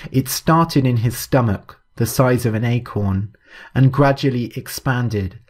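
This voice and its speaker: A man narrating a story in a measured, even, scripted way. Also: mid-range voice.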